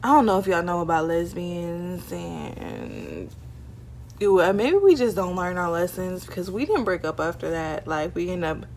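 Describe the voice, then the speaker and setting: A young woman telling a casual storytime vlog, chatty and animated, full of "like" and "y'all" fillers. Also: fairly low pitch, moderate pace, gravelly. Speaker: vlogger. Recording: faint background noise.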